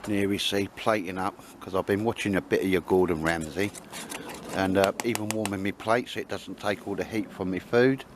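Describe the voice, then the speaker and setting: Cooking outdoors in woodland, a man chats casually to the camera, rambling and bantering with lots of tag questions. His low-pitched voice holds a steady tone at a moderate pace, with slight background noise.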